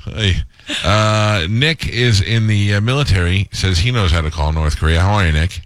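A man hosting a radio show, teasing his co-hosts in casual banter with quick comebacks. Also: on the low side, no room sound.

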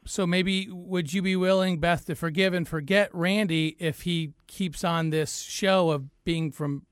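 A man's voice: high-pitched, fairly even intonation, measured pace, clear, resonant tone, no echo. A man co-hosting a morning radio show, joking and teasing the guests. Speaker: radio co-host.

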